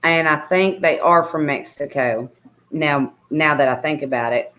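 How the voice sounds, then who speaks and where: A woman's voice: sits low, unhurried, fairly bright tone. A woman with a Southern American accent, chatting casually on a livestream over a video call, rambling with lots of fillers. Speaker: guest co-host on a livestream. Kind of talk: casual chat.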